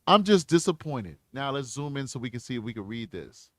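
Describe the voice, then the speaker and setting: A man's voice: mid-range voice, quick pace, no echo, studio quality. A man hosting a true crime channel, commenting bluntly in slangy casual talk while reading posts aloud.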